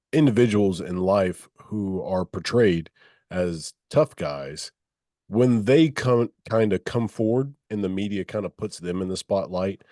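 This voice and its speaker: A man's voice: deep voice, a little mellow, dry recording, clean studio sound. A man hosting a podcast, speaking reflectively in loose, rambling phrasing. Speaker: podcast host. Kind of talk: conversational interview.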